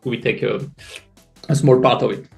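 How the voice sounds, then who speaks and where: A man with a French accent explaining a project in a live audio chat, halting with many fillers and restarts. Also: medium pitch, gravelly, soft background music. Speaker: NFT project creator.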